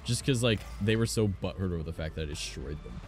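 A young man with a deep voice talks casually while he plays online, his pitch jumping widely as he reacts to the match. He swears freely and tells animated stories between plays. Faint background music runs under his voice. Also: fast talker. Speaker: streamer. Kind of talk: casual gameplay chat.

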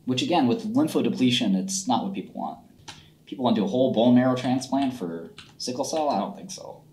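A man talking casually on a livestream, blunt and offhand with a sarcastic edge. His voice sits at an ordinary middle pitch and carries a roomy echo, with faint keyboard typing behind him. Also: animated, fairly quick, a little mellow, slight background noise. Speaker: host analyzing stocks on a livestream.

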